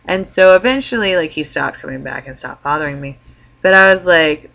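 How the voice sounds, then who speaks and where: A young woman talks straight to her camera in a loose, chatty vlog. Her voice sits low yet has a bright, sharp edge. She tells the story with lots of "like" fillers. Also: a little fast, vocal fry. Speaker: vlogger.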